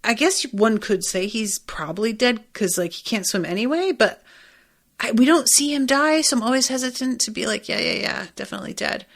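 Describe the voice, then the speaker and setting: A woman's voice: a little high, moderate pace. A woman hosting a podcast, recapping an episode in a loose, chatty, profane way, full of fillers and quoted asides. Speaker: podcast host. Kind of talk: casual solo recap.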